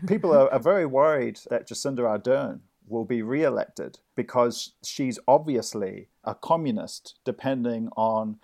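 Rambling deadpan man. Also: mid-range voice, normal speed, creaky, hardly any pauses. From New Zealand. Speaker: comedy correspondent. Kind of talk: improvised comic banter.

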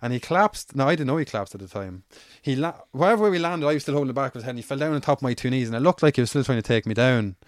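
A man's voice: medium pitch, expressive, rapid-fire, few pauses, no echo, studio quality. An Irish man, an amateur MMA fighter, telling stories in casual, rambling, swear-heavy chat. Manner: swears freely, rambling anecdotal.

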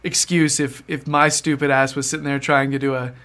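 A man's voice: mid-range voice, flat delivery, brisk, a bit bright. A young man, hosting a casual podcast and rambling with easy laughs and casual swearing. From American South. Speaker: podcast host.

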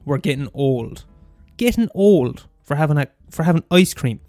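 A man's voice: fairly high pitch, normal speed, dry recording, soft background music. A young man in his twenties with an Irish accent, ranting casually and cursing freely. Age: 20s. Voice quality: sweary, animated rant. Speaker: student radio host. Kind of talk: casual monologue.

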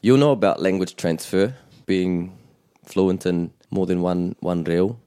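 A man hosting a bilingual language lesson, explaining in a measured way with small restarts. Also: low-pitched, warm tone, clean tone, no room sound, clean studio sound. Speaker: te reo Māori teacher and podcast host.

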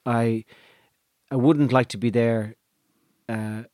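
A man's voice: medium pitch, fairly even intonation, takes it slowly, darkish tone, dry recording, clean studio sound. A man with an Irish accent chatting casually, rambling and restarting as he tells stories. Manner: rambling storyteller, stammers and restarts, swears. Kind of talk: casual chat.

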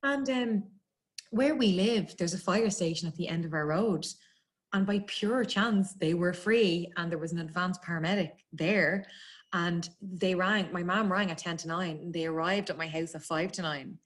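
An Irish woman chatting freely as a guest, telling a personal story with feeling and frequent laughs. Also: fairly low pitch. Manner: chatty, emotional, quick to laugh.

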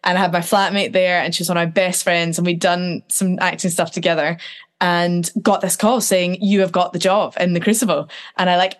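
A woman in her twenties chats through her past in a relaxed interview. She tells it loosely and with energy, jumping up in pitch whenever she acts out what someone said. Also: a little fast. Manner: animated, acts out quotes. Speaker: guest. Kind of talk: casual storytelling.

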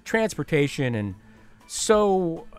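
A man's voice: on the high side, sing-song, takes it slowly, darkish tone, smooth, soft background music. Chatty jokey male podcast host. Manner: chatty, jokey, with many fillers and restarts. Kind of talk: casual chat.

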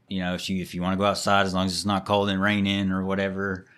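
A man's voice: low-pitched, flat delivery, quick pace, few pauses, a bit bright. A young man co-hosting a parenting podcast, talking casually and rambling as he mimics his toddler's replies. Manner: rambling, acts out toddler voices. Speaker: podcast co-host. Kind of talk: casual chat.

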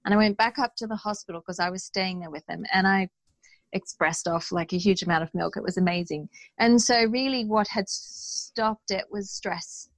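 A woman speaking as an interview guest, telling her story in an earnest, animated way. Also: mid-range voice, moderate pace, no room sound, poor audio. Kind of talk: conversational interview.

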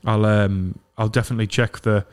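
A man's voice: fairly low pitch, little pitch movement, fairly quick. A man, hosting a casual podcast and telling stories, swearing often and putting on voices for the people in his anecdotes. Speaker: podcast host and comedian. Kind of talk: casual chat.

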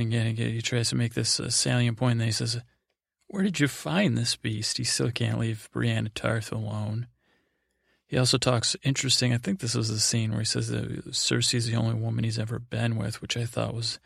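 A man hosting a sleep podcast, rambling through a meandering recap with offhand quick impressions of characters. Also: mid-range voice, creaky, no echo, clean studio sound. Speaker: podcast host.

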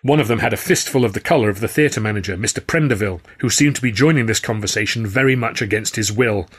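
A man's voice: on the low side, quick pace, slightly rough. A man reading his own novel aloud in the first person, with a wry storytelling manner. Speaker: author and narrator. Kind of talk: audiobook narration, first person.

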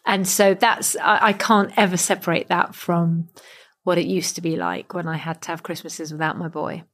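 A woman comedian, a bit tipsy, giving a reflective and heartfelt recorded message with warm laughs. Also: lowish voice, steady tone, moderate pace.

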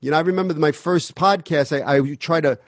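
A man's voice: a little high, fairly quick, dry recording, studio quality. A man hosting a podcast about acting, talking casually and with energy, full of "you know.". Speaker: acting teacher and podcast host. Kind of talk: casual chat.

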